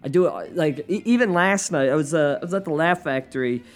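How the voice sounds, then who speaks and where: Guy from the states ranting on his podcast, kinda high voice, cusses a ton, blows up yelling, little music under it. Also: fairly quick. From United States. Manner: profane, rambling, flares into yelling. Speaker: podcast host and stand-up comedian. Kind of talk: solo podcast rant. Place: at home, living room.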